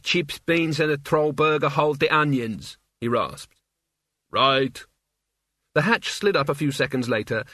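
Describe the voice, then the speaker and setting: A man narrating an audiobook in a wry, measured storytelling manner. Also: medium pitch, bright, forceful tone, no echo. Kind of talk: scripted narration.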